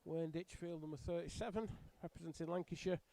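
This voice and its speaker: Man, live bowls commentator, mellow low-key voice, slightly odd speech from a missing tooth, chatty and self-deprecating. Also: fast talker, vocal fry, no echo. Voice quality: talks a little strangely from a missing tooth.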